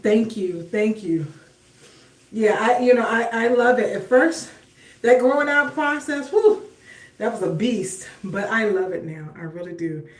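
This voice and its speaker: A woman's voice: fairly high pitch, unhurried, recorded from a distance. A middle-aged woman hosting a casual livestream while she styles her hair. She talks chattily and directly to her viewers, with some talk about her faith. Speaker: livestream host. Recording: roomy echo, voice off-mic.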